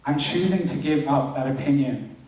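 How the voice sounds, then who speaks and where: A man's voice: mid-range voice, normal speed, darkish tone. A young man, a youth pastor, giving an informal, earnest sermon, filling his talk with "like". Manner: casual, earnest, heavy use of "like". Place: church hall. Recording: very echoey hall, distant mic.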